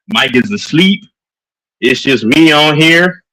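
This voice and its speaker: A man's voice: on the high side, expressive, slow pace, sharp tone, rough recording. A man with a Texan accent, hosting a live stream in hyper, rambling casual chat while on a sugar rush. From Texas. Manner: hyper and rambling, with many fillers.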